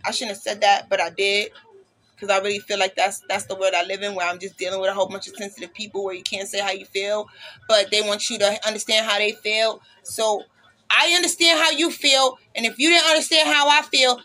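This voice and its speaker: A woman's voice: medium pitch, a little fast, bright, forceful tone. A woman hosting a casual podcast, talking bluntly and passionately, with plenty of swearing. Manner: blunt, profane, passionate ranting. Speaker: podcast host.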